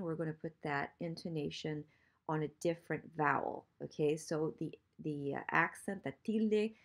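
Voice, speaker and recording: In an online lesson, a woman with a lowish voice teaches Spanish grammar. She patiently repeats examples and slows down for practice sentences.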